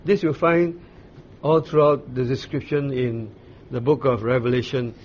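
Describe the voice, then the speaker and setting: A man leads a Bible study, walking his listeners through scripture at an unhurried, searching pace with frequent pauses. His voice sits in an ordinary middle register. The recording is dull and lo-fi, with a faint hiss beneath it. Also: medium pitch, steady tone, darkish tone. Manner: unhurried explaining with frequent fillers and restarts. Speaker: Bible teacher.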